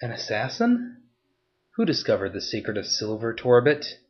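A ruthless young woman interrogates quietly, her voice low, soft and steady with menace, as a male narrator puts her on. The audio is slightly dull and muffled. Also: normal speed, lightly acted. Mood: menacing.

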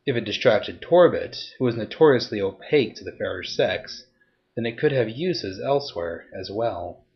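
A man narrating a story in a steady, even storytelling voice. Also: on the low side, moderate pace, highs cut off. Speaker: audiobook narrator. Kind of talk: scripted narration.

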